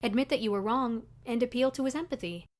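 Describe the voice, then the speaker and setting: A woman voicing a sleepy, easygoing young college guy who gives calm, level-headed advice. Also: on the high side, quick pace, close to an everyday voice.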